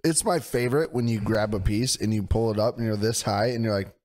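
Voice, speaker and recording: A young man with a hoarse, worn-out voice, chatting excitedly and swearing freely as a podcast co-host. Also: lowish voice, a little fast. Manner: excitable, swears a lot, laughs often. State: hoarse, voice mostly gone. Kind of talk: casual chat.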